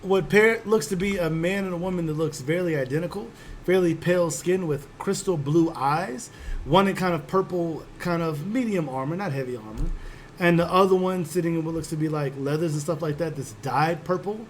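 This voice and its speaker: A man narrating as game master in a casual, profane, animated storytelling style. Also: a little high, brisk, a little hiss or hum.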